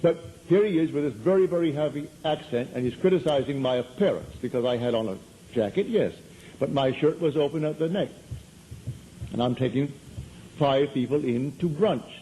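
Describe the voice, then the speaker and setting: Man giving a mellow storytelling lecture. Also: medium pitch, normal speed, a little hiss or hum, low-quality recording. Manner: conversational storytelling, emphatic repetition. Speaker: spiritual lecturer. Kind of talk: metaphysical lecture to a live audience.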